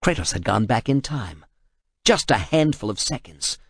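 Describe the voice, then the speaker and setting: A man reading an action novel aloud in steady, measured audiobook narration. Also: medium pitch, slightly rough, no echo, studio quality.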